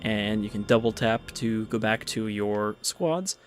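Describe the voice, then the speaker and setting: Man, low voice, casual gameplay commentary, offhand and explanatory, game music behind. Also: a little slow. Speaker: gaming video host. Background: game music and unit sounds.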